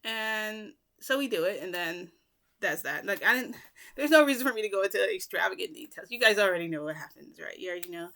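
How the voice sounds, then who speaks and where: Chatty young woman with a bright voice. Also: mid-range voice, animated, a little fast. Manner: rambling, chatty, many fillers and restarts. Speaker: vlogger. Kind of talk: casual storytelling vlog.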